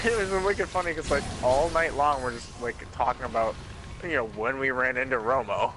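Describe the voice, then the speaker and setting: A man hosting a game stream, telling a story in an animated way, swearing freely. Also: mid-range voice, normal speed. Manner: animated, swearing, dramatic retelling. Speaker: streamer host. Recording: noisy home stream mic.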